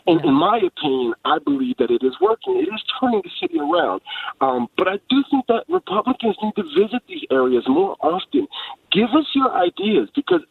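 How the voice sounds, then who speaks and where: A man from New Jersey calling in to a radio show, talking haltingly and earnestly with many ums and repeated words, getting choked up. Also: high voice, huge pitch swings, gravelly, husky, no room sound, distant mic. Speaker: caller. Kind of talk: call-in radio testimony. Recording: tinny phone line.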